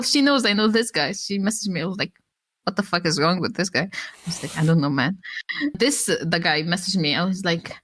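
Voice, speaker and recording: A woman telling a story in casual chat, acting out other people's lines in a raised voice, laughing often and swearing freely. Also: normal speed. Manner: animated, acts out quotes in raised pitch, laughs often, swears. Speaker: former e-pal guest.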